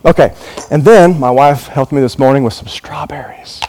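A middle-aged man, a pastor, preaching a sermon in a church with animated delivery, acting out quoted figures. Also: moderate pace, heavy background noise. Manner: animated preaching, voices quoted figures, lively rises in pitch. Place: church in Hong Kong.

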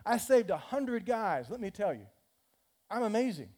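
A man voicing an anxious male servant who pleads and brags about his good deeds, in a higher, lively tone. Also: moderate pace. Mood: boastful. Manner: whiny, pleading, bragging. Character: anxious, self-pitying boastful male servant.

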